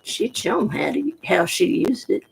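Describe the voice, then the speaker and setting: Gruff, gravelly-voiced woman vlogger. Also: on the high side, sing-song, moderate pace, slight background noise, low-quality recording. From New York Pocono area. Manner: chatty, digressive, frank. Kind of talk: casual rambling monologue to camera.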